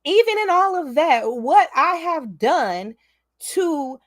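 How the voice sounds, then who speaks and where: Animated woman with a high, lively voice. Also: slow pace, dry recording, studio quality. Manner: animated, laughs often, talks straight to her audience. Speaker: vlogger. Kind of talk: casual storytelling to viewers.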